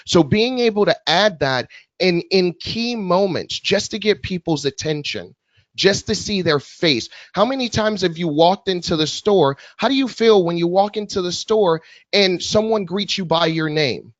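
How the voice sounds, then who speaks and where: High-voiced man stumbling through a pitch. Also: expressive, dry recording. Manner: halting, stumbles and restarts. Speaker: webinar co-presenter. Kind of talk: casual webinar explanation. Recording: dry, dull audio.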